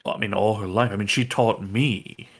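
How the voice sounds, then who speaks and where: On the low side and slightly rough, a man's steady, unhurried voice plays a former mage's apprentice. The character is evasive and rambling, hesitating and hedging constantly with repeated "I mean."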